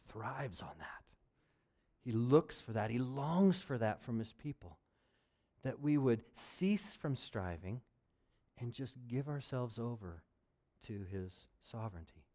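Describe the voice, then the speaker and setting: A man preaching a sermon as a pastor, passionate and swinging between loud urgency and quiet intimacy. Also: on the high side.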